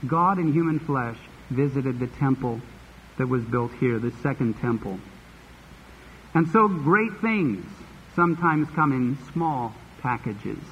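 A man's voice: mid-range voice, lively intonation, unhurried. A man preaching a sermon, reading Bible verses and explaining them with folksy asides. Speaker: pastor. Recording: dull lo-fi recording with long hall reverb and faint hiss.

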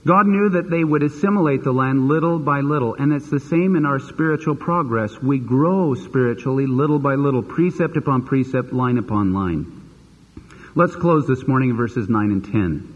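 Husky pastor preaching in an echoey church. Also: male voice, mid-range voice, moderate pace. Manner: animated preaching, acting out quoted voices. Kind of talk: sermon. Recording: dull lo-fi sermon recording with long reverb.

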